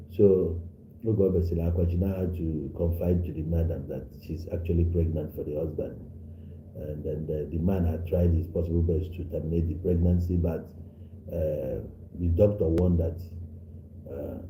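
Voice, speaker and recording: A man with a very low voice hosts a live stream in an English. His tone is dark and mellow. He speaks in a roomy, echoing space with a faint hiss behind him. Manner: mixes Igbo and English, scolds commenters. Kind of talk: live stream talk to viewers, retelling a story.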